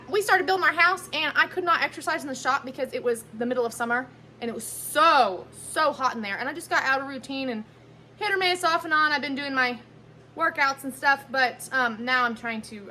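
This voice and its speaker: A woman talks through dinner prep in her home kitchen, rambling and correcting herself as she goes. Her voice is bright and a little high. A faint room hum sits under the phone recording. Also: a little fast. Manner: chatty, rambling, self-correcting. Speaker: vlogger cooking at home. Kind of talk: casual chat while cooking. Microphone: handheld phone camera.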